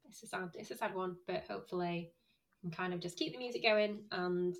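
A woman with a Northern English accent co-hosting a podcast in casual chat, giddy and quick to giggle. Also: lowish voice, rough recording. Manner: giggly, bubbly, quick to laugh. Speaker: podcast co-host.

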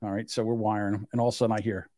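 A middle-aged man co-hosting a casual podcast, telling stories in a lively way and acting out the people in them. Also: lowish voice, very fast, dry recording, clean studio sound. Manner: animated storyteller, acts out voices and yelps. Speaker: podcast co-host.

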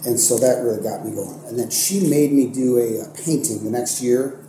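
A man's voice: mid-range voice, normal speed. A young man from Ohio, an art teacher and coach, telling stories in a casual podcast interview, rambling with many fillers and restarts. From Ohio, United States. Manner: rambling, animated, many fillers and self-corrections. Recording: echoey room with faint noise.

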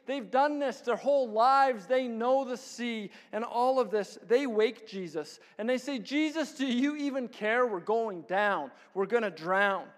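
A man preaching a sermon, telling stories with frequent chuckles and acting out the voices of others. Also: very high-pitched. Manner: storytelling, chuckles often, plays out voices of others. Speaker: pastor. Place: church hall. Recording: long hall reverb.

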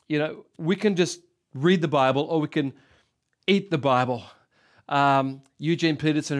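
Man, 60s, Australian accent, pastor, sermon, emphatic, repeats phrases, slightly raised pitch. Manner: emphatic, repeats words, swings loud and soft.

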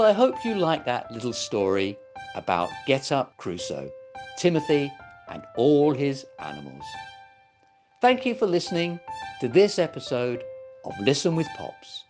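A man reading a children's story aloud as host, gentle and expressive. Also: medium pitch.

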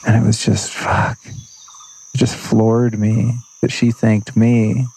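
A man's voice: fairly low pitch, monotone, takes it slowly, gravelly, mellow, slightly rough. A man hosting a podcast, talking through his experiences in an earnest, rambling way and swearing casually. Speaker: podcast host. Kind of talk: unscripted reflective monologue.

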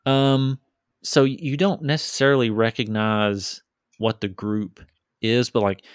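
A man's voice: medium pitch, steady tone, takes it slowly, clean tone, no echo, clean studio sound. A man running a tabletop game as game master, talking casually with many restarts and fillers. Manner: casual, hesitant, repeats words.

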